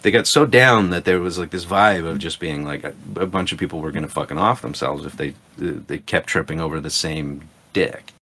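A man as a podcast guest, chatting casually in a rambling, profane, animated way. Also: low-pitched, normal speed, few pauses. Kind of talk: casual chat.

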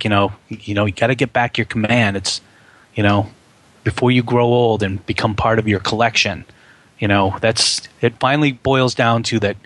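A man's voice: mid-range voice, a bit bright, no room sound. A man co-hosting a podcast, chatting casually about a film with many fillers and restarts. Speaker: podcast co-host.

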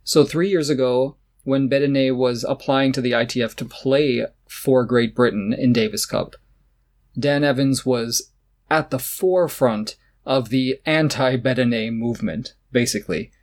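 This man co-hosts a podcast, talking tennis in a relaxed way with sarcastic, opinionated takes and frequent laughter. His ordinary mid-pitched voice is a little mellow and measured in pace.

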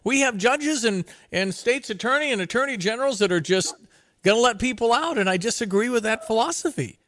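Brief: male talk radio host, high for a man, dry close sound, opinionated and chatty with restarts. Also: expressive, brisk, fairly bright tone, no room sound. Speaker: radio morning show host.

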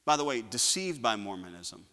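A man preaching a sermon, building to loud shouts and then dropping to a quiet, conversational tone. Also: medium pitch, sing-song, normal speed, big-room sound. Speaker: pastor.

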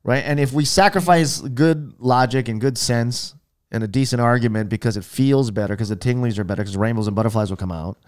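A man's voice: medium pitch, brisk, clear, resonant tone. A man from Hawaii co-hosting a casual podcast, telling stories in a rambling, profane way. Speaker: podcast co-host. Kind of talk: casual chat.

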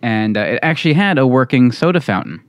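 A man's voice: medium pitch, sing-song, fast, clear, resonant tone, dry recording. A man co-hosting a podcast in casual chat, making dry, wry asides. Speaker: podcast co-host.

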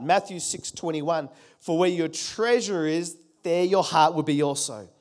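High-voiced man preaching a sermon. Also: a little slow, darkish tone. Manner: emphatic, repeats key phrases, calls on the congregation. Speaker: pastor.

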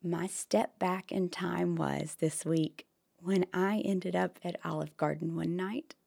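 A woman with a hoarse voice, co-hosting a podcast and telling a story in animated casual chat with whispered asides. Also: on the low side, slow pace. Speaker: podcast co-host.

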